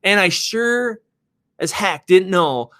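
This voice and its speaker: A man with a slightly higher voice tells a personal story in a lively, conversational way. He talks like a real estate developer speaking directly to viewers. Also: takes it slowly.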